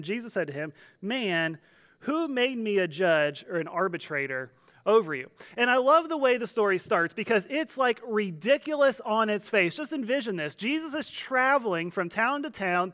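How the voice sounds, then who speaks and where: High-voiced man preaching a casual sermon. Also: normal speed. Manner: conversational, joking, animated quoting voices. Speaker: pastor.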